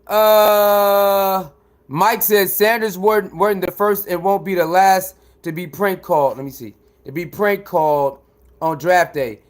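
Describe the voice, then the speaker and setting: A man with a notably high speaking voice hosts a live stream and reads viewer comments aloud. He talks directly to his audience in a loose, repetitive way and gets fired up when answering a critic. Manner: chatty, repeats himself, talks straight to viewers. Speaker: livestream host reading chat.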